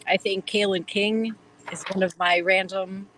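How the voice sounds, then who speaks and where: A woman with a Wisconsin accent chats as a podcast guest, rambling eagerly with many fillers. Her voice is bright and forward. A faint hiss sits under the recording. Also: mid-range voice, fairly even intonation, a little slow, poor audio. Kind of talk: casual chat.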